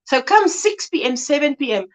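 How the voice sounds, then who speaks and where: A woman's voice: high-pitched, sing-song, moderate pace. A middle-aged woman from South Africa hosting a casual livestream, chatting with viewers, greeting them by name and laughing often. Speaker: livestream host.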